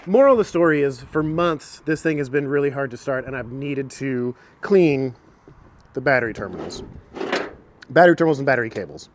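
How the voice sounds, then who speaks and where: A man's voice: medium pitch, animated, brisk, slight background noise. A man casually talking through a car repair in a vlog, chatty and self-mocking, recorded outdoors by a truck on a camera mic. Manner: chatty, self-mocking, gets long-winded.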